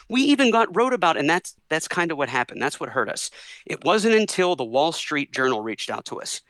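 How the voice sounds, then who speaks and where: Animated storytelling man, fairly high voice. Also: brisk, no room sound, rough recording. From Orlando, Florida area. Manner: animated, acts out voices in quotes. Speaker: podcast guest. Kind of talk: storytelling in a casual interview.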